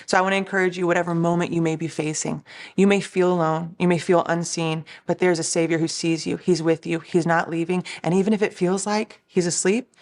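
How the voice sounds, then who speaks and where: A woman's voice: on the low side, steady tone, a little fast, darkish tone. A woman, a Christian recording artist, giving an earnest, encouraging devotional talk in a conversational way.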